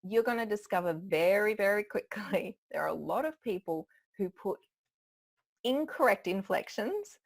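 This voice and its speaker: A woman coaches on public speaking in a relaxed, conversational way, breaking into laughs as she explains. Her voice has a gravelly, creaky edge, and her pitch sits in an ordinary middle range. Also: moderate pace. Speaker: public speaking trainer, guest. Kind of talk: conversational expert advice.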